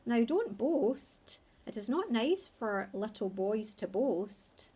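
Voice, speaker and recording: A woman's voice: medium pitch, big pitch swings, a little slow, a little mellow, husky. A woman voicing a prim, fussy old lady who speaks in a posh, scolding way.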